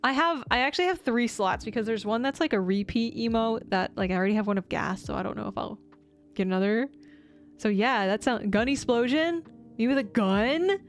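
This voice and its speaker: A young woman streamer chatting casually with her viewers, bubbly and excitable, often giggling. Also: fairly high pitch, fairly quick. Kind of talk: casual live-stream chat.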